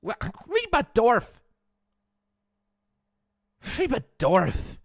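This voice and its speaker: Whiny, pouty young man, as a man puts it on, lively swooping pitch, sulky. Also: extremely slow, creaky, no room sound, clean studio sound, heavily acted.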